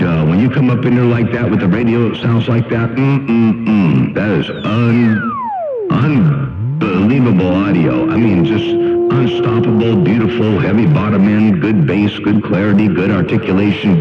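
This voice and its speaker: A man chatting over CB radio in a rambling, stammering, animated way. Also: fairly low pitch, normal speed, loud music behind the voice. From US West Coast. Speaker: CB radio operator. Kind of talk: casual radio chat. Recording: lo-fi roomy radio audio.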